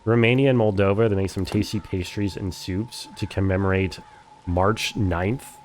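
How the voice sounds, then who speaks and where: Young Californian man, laid-back game streamer, rambling chat, lower register. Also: moderate pace, slight background noise. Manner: chatty, relaxed, lots of "like". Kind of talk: casual live-stream chat.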